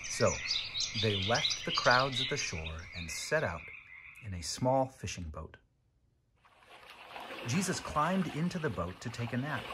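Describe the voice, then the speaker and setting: A man narrating a children's storybook in an expressive, dramatic way. His pitch swings widely while he keeps an unhurried pace. A noisy vehicle hum sits behind the voice.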